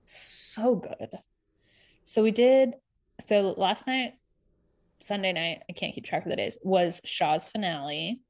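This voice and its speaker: A woman co-hosting a podcast in casual gossiping chat, throwing in quick asides and the odd swear word. Her voice sits at an ordinary middle pitch and her delivery is loose and conversational. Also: darkish tone. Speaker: podcast co-host. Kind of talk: casual chat recapping a reality show.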